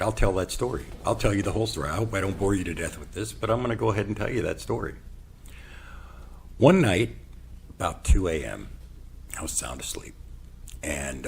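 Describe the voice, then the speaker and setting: A man hosting his own show, telling a personal story in an animated way and acting out the dialogue. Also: a bass voice, creaky, slight background noise. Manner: animated, acts out quoted dialogue. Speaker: podcast host.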